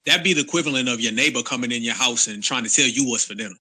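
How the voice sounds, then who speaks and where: A man's voice: medium pitch, rapid-fire, bright, forceful tone. A man in a casual online discussion, speaking firmly and emphatically.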